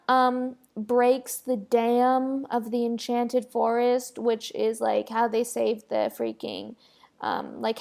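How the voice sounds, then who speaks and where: A woman with a high voice hosts a solo podcast, talking in a casual rant. She rambles and stresses her points, filling her sentences with "like" and "literally.". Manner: rambling, emphatic, heavy use of "like" and "literally". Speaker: podcast host.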